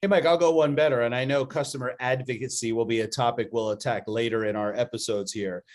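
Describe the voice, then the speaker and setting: A man co-hosting a business podcast with an upbeat, enthusiastic delivery. His voice sits at an ordinary middle pitch for a man. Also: steady tone, fast talker. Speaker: podcast co-host.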